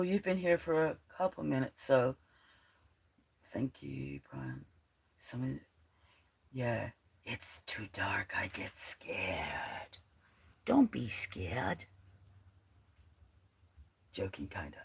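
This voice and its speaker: A woman with a croaky, frog-like voice hosting a casual livestream, rambling, laughing often and reading out her chat. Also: very deep voice. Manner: chatty, rambling, laughs often, drops to a near whisper at times. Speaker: livestream host.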